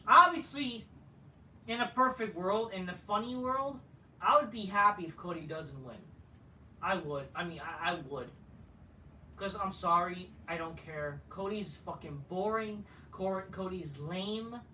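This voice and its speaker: A man hosts a wrestling review show, ranting profanely and rambling with plenty of fillers. His voice is high-pitched, bright and forceful, picked up by a distant mic in an echoey room with a slight hiss or hum.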